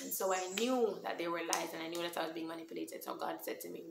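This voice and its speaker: A young Jamaican woman tells her personal testimony in an earnest, emotional way, moving between plain English and patois. Her voice sits a little low for a woman. The recording is roomy and echoey, with faint noise behind it. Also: fast talker, gravelly, few pauses. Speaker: vlogger sharing a testimony. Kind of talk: storytime testimony. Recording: echoey room.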